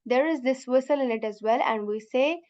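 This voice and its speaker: High-pitched lady teacher going over letter sounds slowly, repeating each one, calls students sister, kinda muffled lo-fi audio. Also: a little mellow. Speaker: Quran Arabic teacher. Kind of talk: beginner pronunciation lesson.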